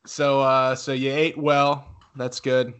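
A man's voice: medium pitch, flat delivery, slow pace, fairly bright tone, smooth, highs cut off. A man hosting a podcast in casual chat, easygoing and friendly, with teasing banter. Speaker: podcast host.

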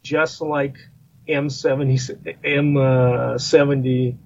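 A man's voice: medium pitch, flat delivery, slow pace. A man in a casual podcast discussion, talking in a rambling way with many fillers and restarts. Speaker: guest firearms expert. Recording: slightly muffled line with faint noise.

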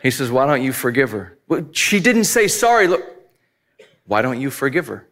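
A man's voice: mid-range voice, very animated, moderate pace, a bit bright. A married man preaching a sermon, telling a personal story candidly and building to emphatic points. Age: adult, married. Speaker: pastor.

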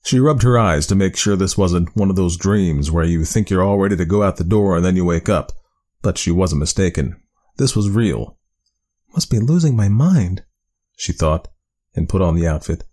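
A man narrating a spooky storybook tale with a measured, expressive reading. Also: low voice.

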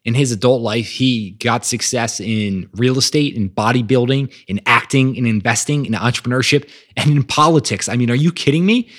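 A man's voice: medium pitch, moderate pace, hardly any pauses, a bit bright. A man hosting a podcast, talking with energy and emphasis about growth mindset and reading quotes aloud. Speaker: podcast host. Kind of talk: motivational monologue.

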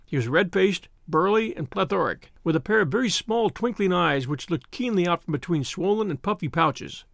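A man narrating a story in the first person, in a measured, descriptive storytelling manner. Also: high voice, lively intonation, gravelly, fairly bright tone, dry recording, clean studio sound. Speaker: audiobook narrator.

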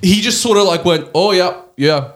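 An Australian man, a guest comedian, telling an animated, self-deprecating story on a casual podcast, swearing and laughing often. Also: sits high, moderate pace.

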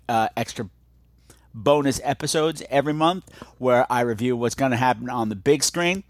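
A man's voice: fairly high pitch, no room sound. A man hosting a podcast, talking in a campy, playful way with theatrical asides. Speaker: podcast host. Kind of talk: casual podcast chat.

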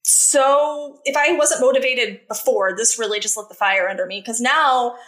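An earnest woman with a somewhat high voice tells her personal story as a podcast guest. She talks candidly and emphatically, and her voice climbs when she relives being angry. The recording carries a noticeable roomy echo. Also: normal speed, a bit bright.

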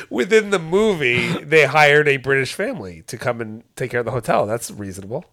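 A man's voice: medium pitch, sing-song, normal speed, fairly bright tone, no echo, clean studio sound. A man co-hosting a casual talk show, blunt and profane, who laughs often. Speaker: podcast co-host. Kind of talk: casual chat.

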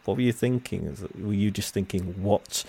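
Low, gravelly male interviewer. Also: a little fast, mellow, no room sound. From Britain. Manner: eager, stammers when asking questions. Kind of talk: casual interview.

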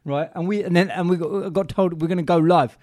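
Male radio presenter, high and quick, animated anecdotes. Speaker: radio presenter and podcast co-host. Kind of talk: casual storytelling chat.

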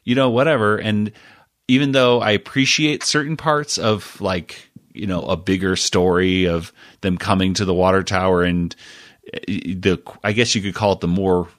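A man's voice: low voice, fairly even intonation, moderate pace, no echo, studio quality. A man hosting a podcast in casual chat, rambling, often laughing and breaking off mid-sentence. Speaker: podcast host.

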